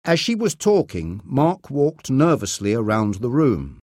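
A man reading a story aloud as narrator, slowly, clearly and deliberately. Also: mid-range voice, big pitch swings, a little mellow, dry recording, studio quality. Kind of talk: scripted narration of a graded reader.

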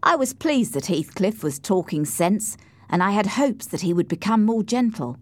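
A woman narrating a storybook in the first person, slow, clear and expressive. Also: medium pitch, no room sound. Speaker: audiobook narrator.

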